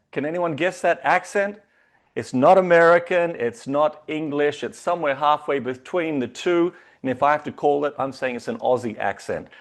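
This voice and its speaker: A man hosting a company video call, hyping the guest with excitable introductions. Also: a little high, moderate pace. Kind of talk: enthusiastic online meeting hosting.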